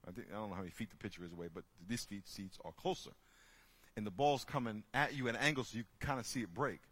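A man speaking to a group, telling lively stories and acting out the people in them with loud bursts. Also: on the low side, fast, husky. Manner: lively, acts out characters with loud shouting bursts. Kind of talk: animated storytelling talk.

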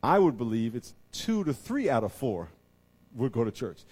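A man preaching a sermon to his church as pastor, animated, dropping to quiet asides and rising to loud excited bursts. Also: mid-range voice, moderate pace, breathy edge.

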